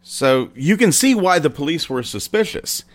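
A man hosting a podcast, retelling an old crime story in an unhurried, conversational way with pauses. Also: on the high side, very animated. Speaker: podcast host.

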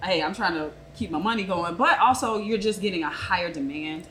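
A woman's voice: on the low side, brisk, fairly bright tone, slight background noise. A young adult woman co-hosting a podcast and chatting casually, a bubbly, rambling storyteller who works as a hairstylist. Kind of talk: casual chat.

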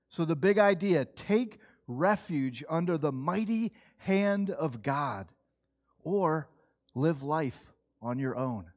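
High-voiced earnest male pastor preaching. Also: lively intonation, a little mellow. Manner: conversational, earnest, with slow emphatic phrases. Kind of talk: sermon.

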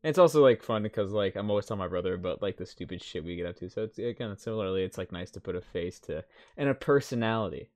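A man hosts a casual podcast and talks fast, often repeating his words. His voice sits a little low. He sounds relaxed and chatty as he wraps things up. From Canada. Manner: rambling, repeats words while closing the show. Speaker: podcast host.

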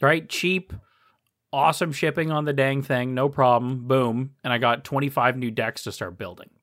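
A man's voice: medium pitch, normal speed. A man co-hosting a stream, chatting casually and with enthusiasm. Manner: enthusiastic, excitable. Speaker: stream co-host. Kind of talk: casual chat.

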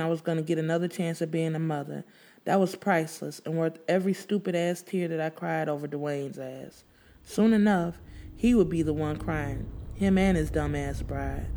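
A woman's voice: lowish voice, darkish tone. A woman narrating a dramatic first-person story in a blunt, profane, emotional way.

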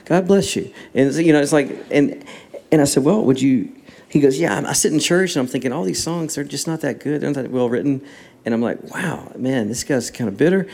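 A man, a songwriter and guest, telling stories in a casual interview and acting out the dialogue. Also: medium pitch. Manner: animated storyteller acting out dialogue.

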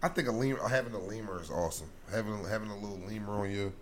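A man in casual chat, telling a story in a relaxed way and acting out the other people's lines. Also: lowish voice, very fast, a little hiss or hum. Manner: relaxed storyteller who acts out quoted dialogue.

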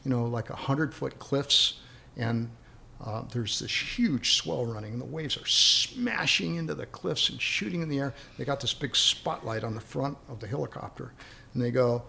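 A man's voice: mid-range voice, animated, normal speed, creaky, bright, forceful tone. A man casually telling a long anecdote in a rambling way, often repeating words as he starts a thought. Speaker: guest storyteller.

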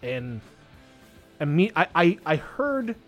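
A man's voice: on the high side, sing-song, slow, a bit bright, faint music behind. A man hosting a radio show in a studio, chatting casually with lots of laughing and swearing. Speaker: radio host.

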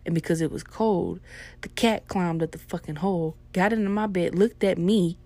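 A woman's voice: lowish voice, moderate pace, warm tone. A young adult woman telling a personal story in a casual, laid-back and profane way.

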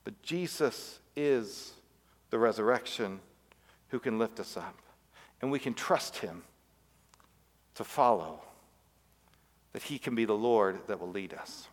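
Man preaching with a hushed, echoing delivery. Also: on the low side, lively intonation, slow pace, long pauses. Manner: storytelling, dropping to a hush on key words. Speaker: pastor. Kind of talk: sermon. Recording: long reverb.

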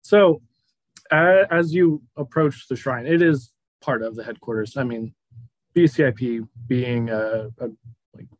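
A man's voice: mid-range voice, a little slow, dry recording, rough recording. A man narrating a tabletop game as game master in a casual way with dry jokes, heard over a voice call.

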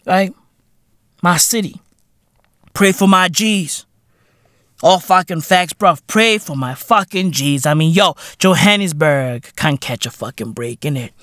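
A podcast host from South Africa talking in a casual, profane monologue, full of slang fillers and emphatic repetition. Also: male voice, on the high side, measured pace, fairly bright tone, no room sound, clean studio sound.

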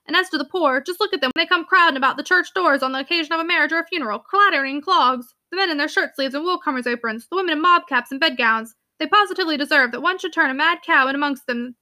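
A woman's voice: high-pitched, fast, few pauses, pushed and bright. A woman reading the part of a pompous, thick-skinned male curate who talks down to everyone. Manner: haughty, disdainful, preachy.

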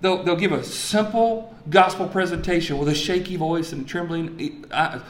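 A man preaches a sermon in a church, his voice bouncing around the room. He speaks on the higher side and tells stories with lively, animated energy, then drops to quiet emphasis. The echo of the sanctuary hangs on every line. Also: normal speed. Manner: animated storytelling, swings from loud excitement to quiet emphasis. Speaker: pastor.

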